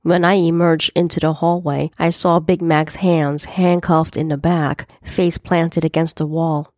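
A woman narrating a first-person story in a plain, even storytelling manner. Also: sits low, a little slow, no echo, studio quality.

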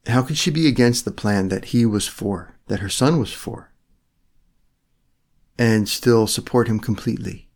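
A man giving a meditative sermon, speaking slowly in short phrases and turning to address God directly in prayer. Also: on the low side, a little mellow. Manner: slow, phrase-by-phrase delivery with pauses.

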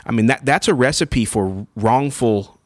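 A man's voice: medium pitch, measured pace, dry recording, studio quality. A man preaching a sermon in a conversational teaching style, often checking in with his listeners and restarting phrases. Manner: conversational, checks in with "okay?" and "all right?"; frequent fillers and restarts. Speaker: pastor.

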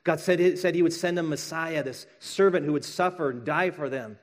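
A man's voice: on the high side, normal speed. A middle-aged man preaching a sermon in a conversational way, acting out quoted voices with light jokes. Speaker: pastor.

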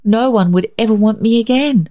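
A woman voicing a timid, hopeful young woman who speaks brightly and falters when nervous. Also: fairly high pitch, moderate pace, pitched above the performer's own voice, close to an everyday voice. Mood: anxious.

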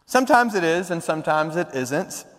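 A man voicing a bumbling teddy bear who speaks slowly and mysteriously, a little lower than his own voice. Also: animated, a bit bright, long reverb tail. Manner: slow and mysterious.

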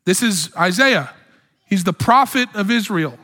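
A man's voice: high-pitched, animated, a little slow, bright, forceful tone. A man preaching a sermon as pastor, with impassioned delivery that climbs to exclamations. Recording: long hall reverb.

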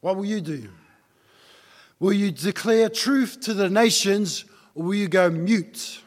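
A man's voice: high voice, slow. A man preaching a sermon in a church hall. He tells a story in a loose, conversational way and presses his listeners with repeated rhetorical questions. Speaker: pastor. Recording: long hall reverb.

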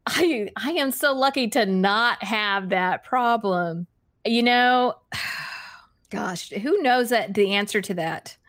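A woman chats casually on a livestream, reading out viewers' questions and answering in a warm, rambling way. She laughs often, stumbles and restarts her sentences, and pokes fun at herself. Her voice sits at a middle pitch, recorded close and dry with no room sound. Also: slow, no echo. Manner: chatty, giggly, self-deprecating, many fillers and restarts. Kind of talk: casual live chat.

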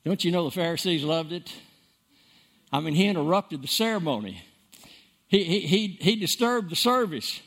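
High-voiced, animated preacher man. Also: moderate pace, pauses often. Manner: emphatic, repeats words for stress, dramatic swings in loudness. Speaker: pastor. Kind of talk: sermon.

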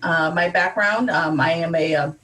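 Chatty woman guest, lowish voice, sounds a bit far from the mic. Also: normal speed, fairly bright tone. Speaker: wine writer and guest. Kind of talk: casual interview chat. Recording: distant from the mic.

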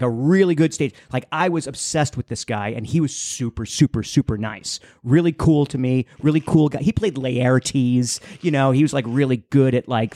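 Young man, casual storytelling, rambling and animated, dry close mic. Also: dry recording. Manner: rambling, animated, acts out voices with high pitch jumps. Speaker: podcast co-host.

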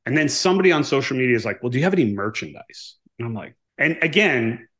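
A man in his forties tells a long story at a middle pitch. He brings the people in it to life by acting out their lines, and he keeps checking in with his listener. His delivery is casual and animated. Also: fast. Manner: animated storyteller, acts out quoted dialogue, frequent "right?". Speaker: guest, author and former navy pilot.

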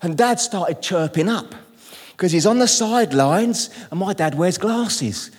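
A middle-aged British man preaching a sermon in a church, lively and humorous, calling out to the congregation. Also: high voice, measured pace, slightly rough. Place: church hall. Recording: long reverb in a large hall.

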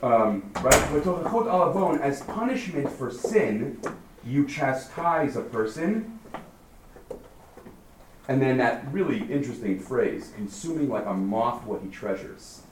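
A man teaching a text study class, thinking out loud and firing questions at his students. He sounds far from the mic in a roomy room with a faint hiss behind him. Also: medium pitch, a little slow. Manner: lively, questioning, thinks aloud.

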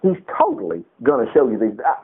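A man's voice: medium pitch, wildly swooping pitch, fairly quick, slightly rough. A middle-aged man preaching a sermon, reading scripture aloud and breaking off into casual asides. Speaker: pastor. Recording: tinny phone-like recording.

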